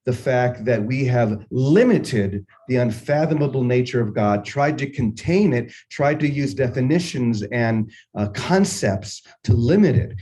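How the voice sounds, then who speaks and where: An older man hosting a morning spiritual session, musing unhurriedly and telling a personal story with gentle humor. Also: mid-range voice, rough recording. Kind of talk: reflective spiritual talk with storytelling.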